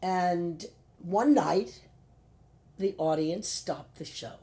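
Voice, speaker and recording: Older woman with a gravelly, low voice. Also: extremely slow. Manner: lively anecdotal storyteller, acts out quotes. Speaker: guest actress. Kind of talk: storytelling chat.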